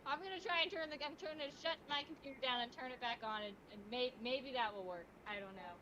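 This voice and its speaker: A woman's voice: high-pitched, quick pace, dull audio, noisy background. A woman on a casual livestream, rambling and self-deprecating about her computer trouble. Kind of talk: casual group chat on a livestream.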